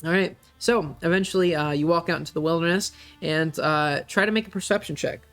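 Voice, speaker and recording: A man's voice: on the high side, fairly quick, fairly bright tone, faint music behind. A man running a tabletop game as game master, talking casually with many fillers.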